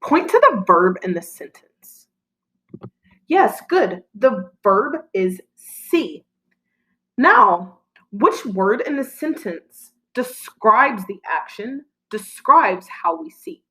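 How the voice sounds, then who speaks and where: A woman teaching a recorded lesson to young children, her pitch rising and falling in a lively way. She speaks clearly and encouragingly, pausing for the children to answer. Her voice sits in a middle range for a woman. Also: poor audio. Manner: clear, encouraging, call-and-response prompting.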